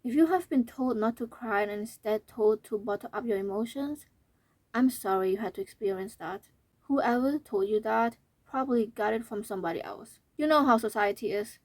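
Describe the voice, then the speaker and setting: A woman's voice: fairly high pitch, moderate pace, a little mellow, no room sound. Earnest young woman, fading voice. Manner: earnest and emphatic, repeating points. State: voice fading, slightly hoarse. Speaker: vlogger. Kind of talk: talking to camera, reading out comments.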